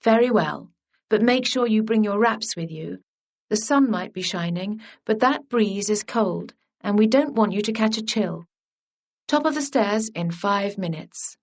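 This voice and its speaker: Proud young governess, crisp and cool, read by a woman, slow measured pace. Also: medium pitch, animated.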